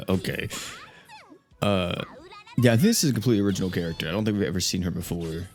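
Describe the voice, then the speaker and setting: A young man with a lowish voice gives an animated reaction to a new game character, thinking aloud and laughing often. He talks casually into a desk mic. Faint music plays underneath. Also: brisk. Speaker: gaming YouTuber. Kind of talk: casual gameplay commentary.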